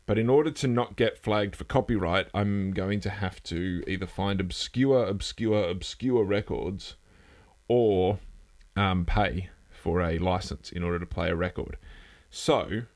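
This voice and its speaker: A man hosts a casual live news stream from his home setup, rambling and poking fun at himself, trailing off and starting over as he goes. His voice is deep, a little slow and a little mellow.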